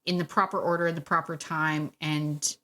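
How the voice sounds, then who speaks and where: A woman hosting a solo podcast about dog training, chatty and warm, laughing often and repeating phrases for emphasis. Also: low-pitched, little pitch movement, moderate pace. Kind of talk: casual solo podcast talk.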